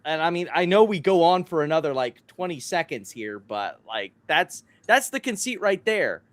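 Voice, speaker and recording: Sarcastic male co-host, lively pitch. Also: moderate pace, dry recording. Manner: sarcastic, exasperated asides. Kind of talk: casual commentary show.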